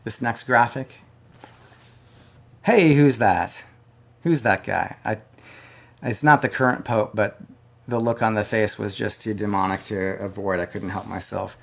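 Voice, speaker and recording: A man preaching a sermon, moving between quiet conversational asides to his online audience and loud, emphatic declarations. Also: fairly low pitch, measured pace, creaky, pauses often. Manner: conversational, addresses a live-stream audience directly. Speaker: pastor.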